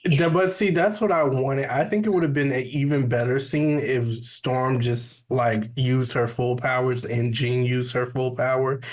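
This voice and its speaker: A man's voice: mid-range voice, fairly even intonation, unhurried, few pauses. A man co-hosting a casual pop-culture podcast, bantering in a playful, sassy way. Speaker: podcast co-host.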